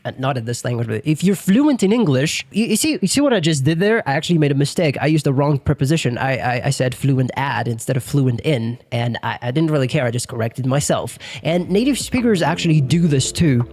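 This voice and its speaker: A man's voice: mid-range voice, expressive, brisk, hardly any pauses, a little mellow. A young man giving a casual English lesson, talking loosely with lots of fillers and the odd swear word. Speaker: English teacher.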